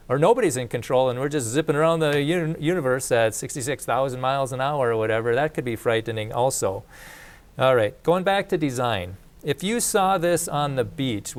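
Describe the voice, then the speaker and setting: A man teaching a faith course in a casual lecture, speaking conversationally with restarts and asides. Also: mid-range voice. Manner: conversational, repeats and restarts, plain speech.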